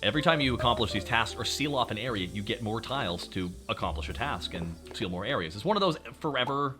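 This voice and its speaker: A man streaming, chatting casually and excitedly, swearing freely as he reacts. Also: mid-range voice, fast talker, music in the background.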